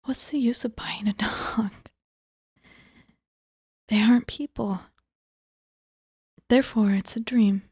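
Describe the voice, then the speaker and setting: A woman giving a cold reading of a book aloud, often dropping into a hushed whisper. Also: a little high, steady tone, slow, pauses often, breathy edge, dry recording, clean studio sound. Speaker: audiobook reader.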